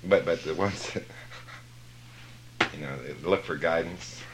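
A man leading a casual Bible study group, telling stories and jokes in a lively way. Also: sits low, measured pace, noisy background. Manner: storytelling, animated jokes.

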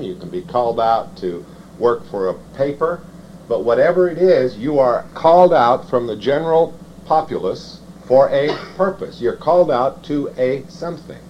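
A man preaching a sermon, reading scripture slowly and then explaining it in halting, self-correcting phrases. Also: medium pitch. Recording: dull lo-fi sound with faint noise.

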